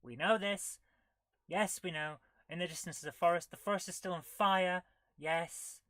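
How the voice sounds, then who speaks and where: A woman's voice: lowish voice, fairly even intonation, normal speed, fairly bright tone, no echo. A woman hosting a retro gaming stream, reading the game's text aloud and adding wry, dry asides as she plays. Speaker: host of a retro gaming channel. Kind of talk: live gameplay commentary.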